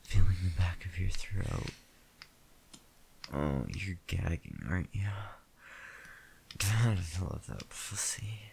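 A man in a whispered role-play, talking slowly and intimately to the listener in a breathy whisper broken by moans. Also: deep voice, animated, a little mellow, a little hiss or hum. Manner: slow, intimate, second-person address. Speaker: erotic audio performer.

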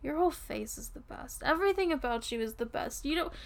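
A woman playing a tipsy, affectionate young girlfriend in an audio role-play, talking softly and intimately and drifting off topic. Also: high voice, lively intonation, fairly quick, vocal fry. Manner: rambling, giggly, soft and intimate. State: drunk.

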